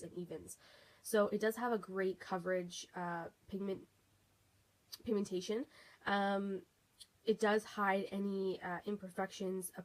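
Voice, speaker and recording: A young woman talks through her favorite beauty products in a relaxed, chatty vlog. Her voice is stuffy and congested from a cold, and she fills pauses with ums and starts sentences over. Her pitch sits at an ordinary middle height. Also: poor audio. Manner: chatty, many ums and restarts. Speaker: beauty vlogger. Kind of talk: casual product review.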